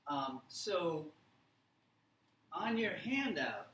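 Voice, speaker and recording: Slow, deliberate male English teacher. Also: on the high side, big pitch swings, fairly bright tone, echoey room, far from the mic, a little hiss or hum. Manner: slow, deliberate, checking with "okay?" and "right?". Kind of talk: classroom workshop instruction.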